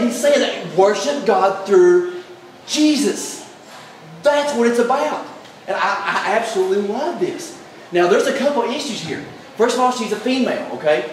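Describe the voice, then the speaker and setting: Exuberant pastor in an echoey hall. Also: male voice, high voice, expressive, moderate pace, distant mic, a little hiss or hum. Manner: exuberant, emphatic, builds to shouts. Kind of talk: sermon. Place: large echoey church hall.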